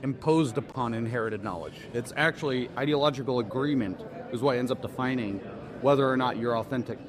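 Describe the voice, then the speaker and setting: A man with an average-pitched voice, speaking in a measured, steady way. He is recorded outdoors with a crowd clearly heard behind him.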